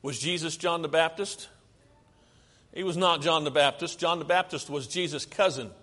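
Preaching with slides in a church sanctuary full of long hall reverb, a man frequently questions the congregation and answers himself. His voice leans high, pushed and bright, at a normal speed.

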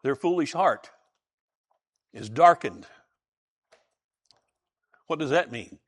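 Animated, conversational male preacher. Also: mid-range voice, takes it slowly, breathy edge. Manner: conversational, asks the audience questions, tells jokes. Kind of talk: sermon.

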